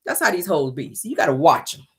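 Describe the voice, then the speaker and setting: A woman hosting her own gossip show, blunt, sassy and full of profanity. Her pitch swoops widely as she dishes her commentary. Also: sing-song, fast. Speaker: host.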